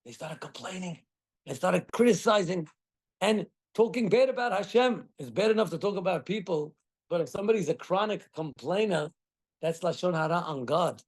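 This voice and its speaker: Middle-aged rabbi, higher-pitched man, teaching a class, acts out quotes. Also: normal speed, slightly rough. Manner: animated storytelling with acted quotes. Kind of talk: Torah class.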